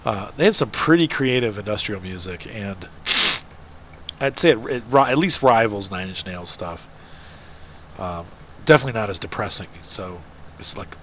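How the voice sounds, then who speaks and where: A man's voice: fairly low pitch, a bit bright, slight background noise. A middle-aged man with a stuffed-up nose, chatting casually and rambling while he plays a farming game. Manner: rambling, self-deprecating chatter. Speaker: gaming video host. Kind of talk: casual chat while playing.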